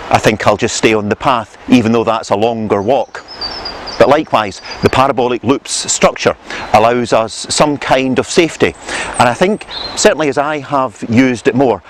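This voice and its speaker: A man teaching theological reflection to camera outdoors in a measured, earnest, gently pastoral manner. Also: mid-range voice, slight background noise. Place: outdoors on a rural path and hillside.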